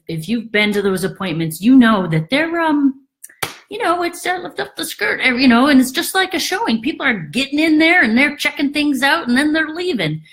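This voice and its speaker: A woman realtor talks casually and explains her subject in an informal monologue. Her voice sits a little high and swings widely in pitch. She keeps breaking into short acted-out voices of worried sellers. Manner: animated, acts out quoted thoughts in a high voice.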